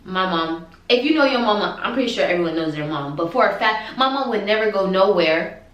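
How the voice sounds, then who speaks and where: A woman vlogger telling a casual storytime with excited, animated energy and quoted dialogue. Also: medium pitch, brisk, muffled recording. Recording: roomy echo.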